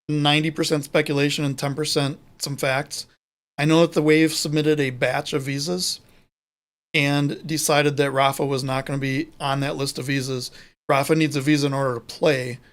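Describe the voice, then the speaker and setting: A man co-hosting a live sports show, talking casually and rambling, often correcting himself mid-sentence. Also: a little high. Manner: rambling, self-correcting, chatty. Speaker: podcast co-host.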